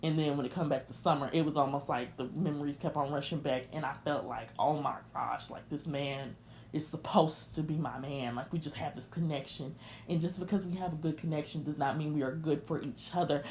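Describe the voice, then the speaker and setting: Young woman in a candid, lower-pitched rant. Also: steady tone, brisk, darkish tone, a little hiss or hum. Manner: confiding, emotional, addresses listeners as y'all. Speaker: podcast host.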